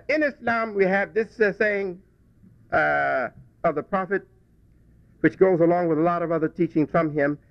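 A man's voice: high-pitched, dry recording. A man speaking to a congregation, telling a childhood story in a folksy way with frequent restarts. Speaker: religious speaker. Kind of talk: reflective talk to a congregation. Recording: dull dry lo-fi recording.

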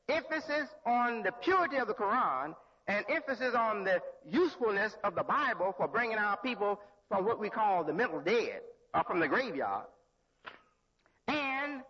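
A man with a husky, fairly high voice preaches a sermon, slow and deliberate. The recording is lo-fi and dull, with a long reverb tail from a large hall. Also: bright, forceful tone. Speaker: religious leader.

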